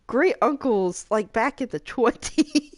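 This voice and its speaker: A woman's voice: fairly high pitch, lively intonation, takes it slowly, dry recording. A woman hosting a live game stream, chatting casually and laughing often.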